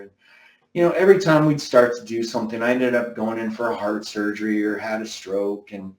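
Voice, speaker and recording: A middle-aged man casually recounting a business story, rambling and animated, quoting others as he goes. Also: mid-range voice, fast. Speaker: BMX brand owner recounting company history. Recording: roomy echo, somewhat far from mic.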